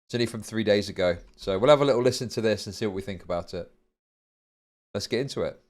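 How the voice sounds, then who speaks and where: A man's voice: lowish voice, fast talker. Mocking male streamer. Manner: mocking, crude, laughing asides. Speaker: streamer reacting to a video. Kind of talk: casual live-stream commentary.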